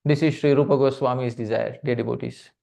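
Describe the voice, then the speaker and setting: A man giving a devotional lecture on poetry who keeps addressing his listeners as dear devotees, asks them questions and chants verses slowly before translating them. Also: mid-range voice, steady tone, gravelly, dark tone. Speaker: speaker giving a scripture class. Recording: slightly muffled recording.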